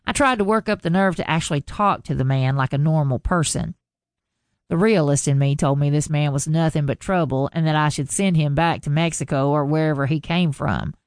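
A woman narrating a first-person contemporary romance audiobook in a measured storytelling manner. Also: low-pitched, clean tone, dry recording, studio quality.

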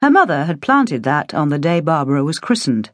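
Expressive female audiobook narrator. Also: sits low, brisk, dry recording. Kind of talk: scripted narration.

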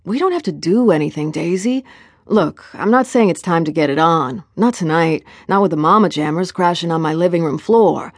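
Lady reading as a laid-back charming young guy, soft teasing tone, dry close sound. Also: lowish voice, moderate pace, no room sound. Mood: earnest. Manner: relaxed, affectionate, teasing. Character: charming young man, easygoing tour guide. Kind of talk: audiobook character voice.

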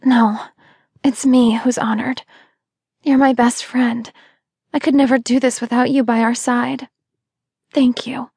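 A woman's voice: high voice, animated, unhurried, a little mellow, no echo, studio quality, voice pushed up. A woman voicing an emotional young mother in labor, speaking in a strained, heartfelt way. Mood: tender.

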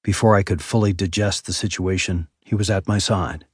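Low-voiced male audiobook narrator. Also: husky, no room sound, clean studio sound. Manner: measured, even storytelling. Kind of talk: scripted memoir narration. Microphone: close studio mic.

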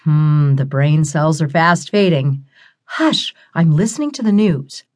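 A woman playing a smug, slow-talking crystal skull. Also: deep voice, animated, darkish tone. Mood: smug teasing. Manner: slow, leisurely, sprinkles French words.

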